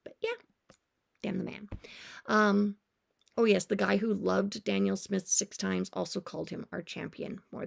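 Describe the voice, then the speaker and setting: A woman's voice: medium pitch, gravelly. A woman in her forties, a music teacher, chatting casually and sarcastically about a public meeting she attended, with self-aware asides. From Canada. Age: 40s. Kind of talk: casual commentary on her notes.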